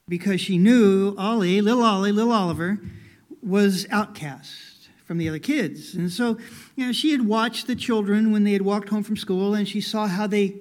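A pastor telling a story in his sermon, folksy and full of "you know", dropping to a hush and then rising with emphasis. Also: high voice. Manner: folksy, many "you know" fillers, swings from hushed to emphatic.

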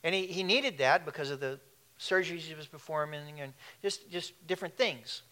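Man, pastor preaching, animated, laughing asides, fairly high voice. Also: normal speed. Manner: animated, laughing asides, shifts between loud and hushed. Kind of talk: sermon.

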